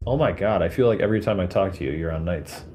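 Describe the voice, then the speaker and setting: Low-voiced male podcast host, laughing easily. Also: fast talker, darkish tone, slight background noise. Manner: laughs often, self-deprecating banter. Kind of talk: casual podcast chat.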